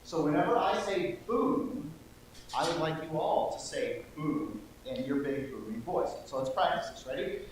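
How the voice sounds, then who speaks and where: Brief: animated male storyteller at a service, playful and coaxing, with a big room echo and a faint hum behind him. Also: on the high side, moderate pace. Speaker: lay speaker telling a children's story. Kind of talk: interactive storytelling to a congregation. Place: church sanctuary. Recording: echoey church hall, faint hum.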